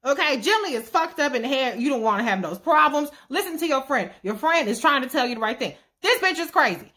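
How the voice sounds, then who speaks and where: A woman's voice: high voice, animated, a little fast, a bit bright. A woman casually recapping a TV series with profane, sassy asides. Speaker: show recap vlogger.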